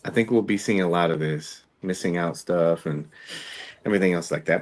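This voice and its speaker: Relaxed male podcast host, low-ish voice, easygoing and repetitive. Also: brisk. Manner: relaxed, repeats phrases. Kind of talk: casual chat.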